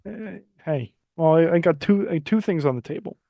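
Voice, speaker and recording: A man's voice: on the high side, expressive, moderate pace, creaky, dark tone, no echo. A man playing his character in a tabletop role-play game, earnest and hesitant as he pleads his case. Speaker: player.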